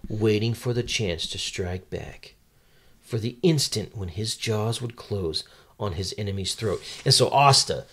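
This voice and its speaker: A fairly low, husky male voice at a measured pace belongs to a podcast co-host. In a relaxed recap of a manga chapter, he reads the characters' lines aloud with light acting, his speech peppered with ums and uhs.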